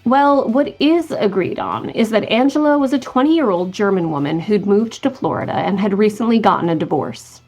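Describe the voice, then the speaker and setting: A woman's voice: medium pitch, lively intonation, normal speed, hardly any pauses, a little mellow, faint music behind. Woman narrating true crime. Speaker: podcast co-host.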